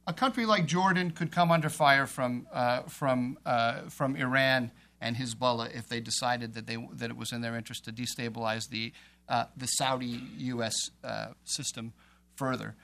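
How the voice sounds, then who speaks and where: A man's voice: medium pitch, fairly even intonation, moderate pace, fairly bright tone. A man on a policy panel, arguing emphatically and repeating phrases as he builds his point.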